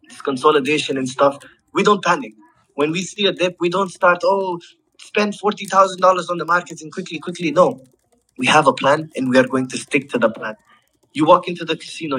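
A man with a non-native English accent hypes a crypto project to token holders during a livestream, repeating pumped-up slogans while swearing and chuckling. The rough recording captures a mid-range, fairly bright voice.

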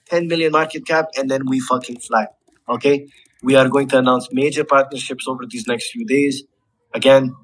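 A man's voice: mid-range voice, a bit bright, rough recording. A man with a non-native accent of English, hyping a crypto project on a livestream with pumped-up, repetitive slogans, swearing and chuckles. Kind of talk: hype livestream pitch to token holders.

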